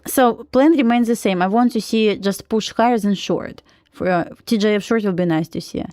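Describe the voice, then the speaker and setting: A woman with a Russian accent chatting casually on a live trading stream, full of "like" fillers and quick laughs. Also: mid-range voice, a little mellow, no room sound, soft background music. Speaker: live-streaming day trader.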